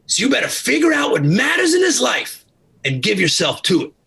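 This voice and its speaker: A man imitating his older male mentor, a blunt, preachy man with a gravelly voice who shouts his life advice. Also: extremely high pitch, huge pitch swings, brisk, voice pushed up, heavily acted. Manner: shouting, emphatic.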